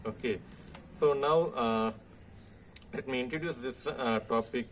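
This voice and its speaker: A man's voice: medium pitch, unhurried, long pauses, a bit bright, slight background noise. A man with an Indian English accent giving a college lecture, hesitant and full of "uh" fillers and repeated "okay". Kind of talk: classroom lecture.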